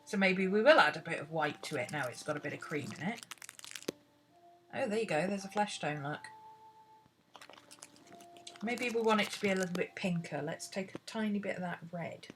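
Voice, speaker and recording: A British woman with a bright, crisp voice leads a relaxed painting lesson. She chats and rambles, musing aloud as she works, with soft music underneath. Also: fairly low pitch, moderate pace, long pauses. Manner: chatty, rambling, talks to herself while searching. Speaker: art teacher. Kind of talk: casual painting tutorial.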